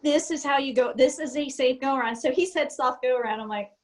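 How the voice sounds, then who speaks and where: High-pitched middle-aged woman guest, lively storyteller, laughs a lot. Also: a little fast, poor audio. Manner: animated, laughs often, acts out cockpit dialogue. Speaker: airline captain and guest. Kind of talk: casual storytelling interview.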